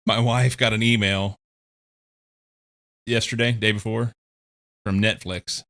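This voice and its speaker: A man's voice: lowish voice, flat delivery, slow, a bit bright. A man streaming a game at home, chatting casually, swearing freely and laughing often as he rambles into a desk mic. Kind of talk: casual chat while playing.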